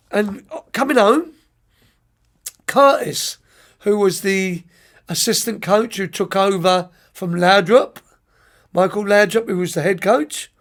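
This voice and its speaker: A middle-aged man, a youth soccer coach, telling lively, rambling stories as a podcast guest, often restarting and repeating words. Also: high voice. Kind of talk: anecdotal storytelling in an interview.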